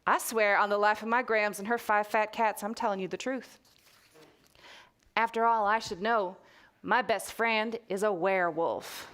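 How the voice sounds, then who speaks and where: A woman's voice: medium pitch, steady tone, moderate pace, fairly bright tone, clean tone, close to an everyday voice. A woman with a put-on Texas accent reading aloud as a chatty kid narrator of a spooky children's book, in a folksy, conspiratorial way. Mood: confiding.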